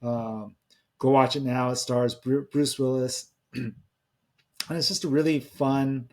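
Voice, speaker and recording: Man, 30s, podcast host, casual solo talk, rambling, restarts a lot, average pitch. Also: fairly even intonation, slow pace, a little mellow. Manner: rambling, conversational, with many restarts.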